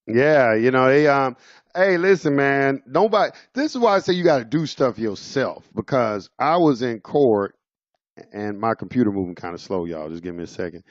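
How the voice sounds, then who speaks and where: Man, casual storyteller, rambling with fillers, mid pitch, dull muffled audio. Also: animated, moderate pace, dry recording. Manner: rambling, informal, with many fillers and restarts. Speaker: speaker sharing his own experience.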